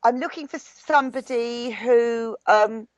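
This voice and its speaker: A woman playing a tarot role-play game over a video call, speaking hesitantly with many halting restarts. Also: a little high, no room sound. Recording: dull lo-fi video call audio.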